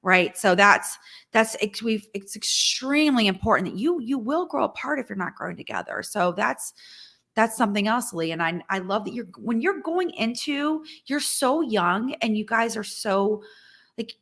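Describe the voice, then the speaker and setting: A woman in her forties talks as a guest in a heartfelt business conversation. Her bright, forceful voice stays earnest and emphatic, and she often circles back to restart a sentence. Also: fairly high pitch, expressive, normal speed.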